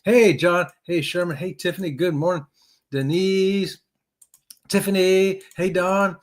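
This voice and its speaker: Male stream host, fairly high voice, talkative, joking, shouting out viewers. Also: steady tone, measured pace. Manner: chatty, jokey, greets viewers by name. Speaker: host of a live cruise chat stream. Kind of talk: casual live-stream chat.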